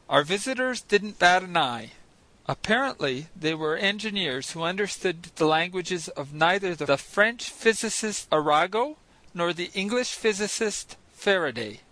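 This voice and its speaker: A man narrating a novel in the first person, measured and expressive, as an audiobook reader. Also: sits high, no room sound, rough recording.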